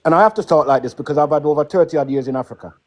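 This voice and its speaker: A man's voice: fairly high pitch, rapid-fire, darkish tone. A middle-aged man with a Caribbean accent, talking emphatically as a guest on a casual live stream, often checking in with "yeah?" and "right?".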